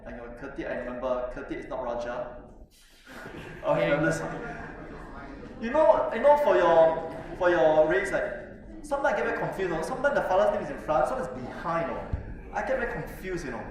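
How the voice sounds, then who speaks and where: A man lecturing a math class, his voice a little high and picked up from across an echoey room. He talks in a loose, chatty way, tags "no?" onto his points and fills pauses with "uh". Faint noise sits under the recording. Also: big pitch swings, far from the mic, a crowd in the background. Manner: chatty, asks "no?" often, many fillers.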